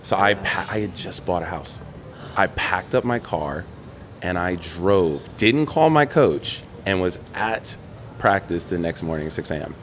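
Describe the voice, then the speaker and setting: A man from New York telling stories in a casual interview, an animated storyteller who acts out the dialogue of others. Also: sits low, unhurried, soft background music. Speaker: podcast guest, former Olympic swimmer.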